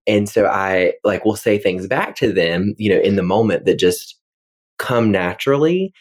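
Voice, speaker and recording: Male co-host, very low voice, dry and self-mocking, loose chatty delivery. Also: lively intonation, moderate pace. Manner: wry, self-deprecating storyteller with frequent fillers. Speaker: podcast co-host, middle school English teacher. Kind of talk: casual podcast chat.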